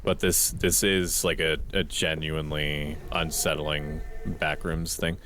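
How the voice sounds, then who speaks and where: A male streamer giving casual gameplay commentary at home at night, keeping his voice quiet and in a deliberate monotone. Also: very deep voice, soft background music.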